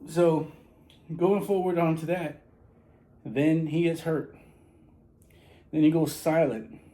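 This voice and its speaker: A man's voice: on the high side, mellow, rough recording. A man from San Antonio, talking casually as a barber. He rambles, repeats himself and restarts his sentences often. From San Antonio, Texas. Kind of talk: casual monologue to camera.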